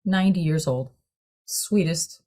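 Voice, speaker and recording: A woman with a low voice tells a story to a small group in conversation. She is animated and laughs often as she goes. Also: measured pace. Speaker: choir director.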